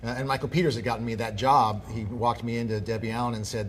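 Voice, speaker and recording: A man's voice: medium pitch, quick pace, few pauses, slight background noise. A man in his fifties, a guest telling long stories in casual podcast conversation and acting out what people said. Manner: animated storyteller acting out quoted people.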